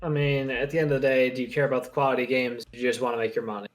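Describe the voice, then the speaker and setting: A man's voice: medium pitch, little pitch movement. A man co-hosting a sports talk show, frank and weary-sounding. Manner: weary, frank, fast opinions.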